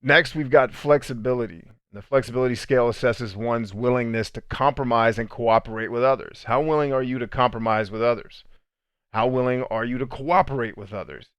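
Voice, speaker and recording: A podcast host and coach runs a motivational show, speaking bluntly and emphatically with casual profanity and lots of "right?" asides. His medium-pitched voice is clear, resonant, a bit bright and a little fast, captured in a clean studio with no room sound.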